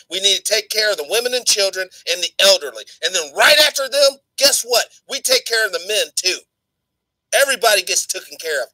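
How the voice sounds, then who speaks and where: A man's voice: high voice, pushed and bright, no echo, poor audio. A man hosting a talk show who rants fiercely and swears as he makes his points. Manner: fiery, swearing. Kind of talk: ranting talk show commentary.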